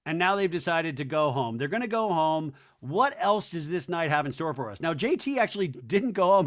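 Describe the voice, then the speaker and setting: A man's voice: on the high side, a bit bright. A man hosting a podcast, recapping a reality show with gossipy jokes and asides. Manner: gossipy, joking, quick asides. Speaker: podcast host.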